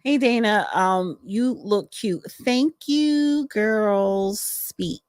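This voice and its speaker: A woman's voice: medium pitch, very slow, a little mellow, no room sound, clean studio sound. A woman, co-hosting a casual livestream from home, chatty and frank, reading the chat and calling listeners honey. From East Orange, New Jersey. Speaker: podcast co-host reading live chat.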